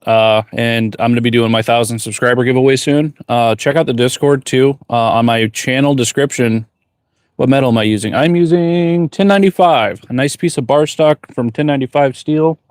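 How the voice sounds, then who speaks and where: Man, blacksmith streamer. Casual, rambling chat at a mid-range pitch, with a dry close sound. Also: clear, resonant tone, no echo. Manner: laid-back, rambling, reads viewer questions aloud. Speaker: blacksmith livestreamer. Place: forge workshop.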